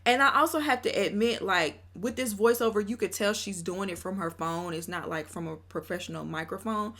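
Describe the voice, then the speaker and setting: Woman, casual commentary host, chatty and opinionated, mid pitch. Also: brisk, fairly bright tone. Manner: chatty and opinionated, laughs often. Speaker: commentary vlogger.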